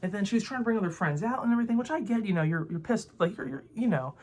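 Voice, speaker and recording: A man's voice: high-pitched, animated, very fast, a little mellow. A young man ranting to camera in a rambling, heated way, full of filler words and swearing. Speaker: vlogger. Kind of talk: casual opinion rant to camera.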